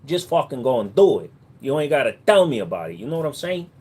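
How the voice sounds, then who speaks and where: A man's voice: mid-range voice, very animated, quick pace, a little mellow, husky. A man hosting a casual livestream, answering chat with crude, profane, mocking banter. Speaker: livestream host.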